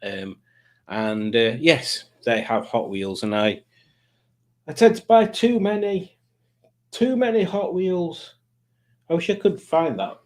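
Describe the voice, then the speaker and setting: A man's voice: a little high, very animated, slow pace, long pauses. A middle-aged British man hosting a live chat stream, rambling, self-mocking and easily sidetracked. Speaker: livestream host.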